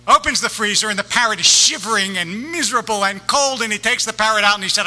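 A man's voice: sits high, quick pace, hardly any pauses, pushed and bright, long reverb tail. A man, a rabbi, giving a sermon in a synagogue, telling stories with wry comic timing.

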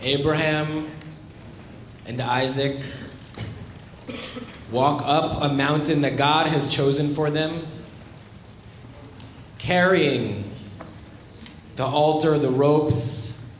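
Man telling a sermon story slowly. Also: on the high side, steady tone, a little hiss or hum. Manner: slow, measured and dramatic. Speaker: preacher. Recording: roomy echo.

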